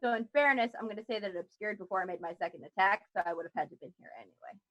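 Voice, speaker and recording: A woman's voice: mid-range voice, expressive, rapid-fire, a bit bright, muffled recording. A woman playing a tabletop game, bargaining and reasoning aloud about her turn. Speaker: player. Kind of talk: casual tabletop play.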